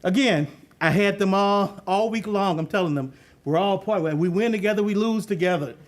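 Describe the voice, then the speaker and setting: A middle-aged man with a high voice tells a story from coaching youth football. He is animated, laughs often and acts out the voices of the people in his story. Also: fairly quick. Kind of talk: storytelling talk on leadership.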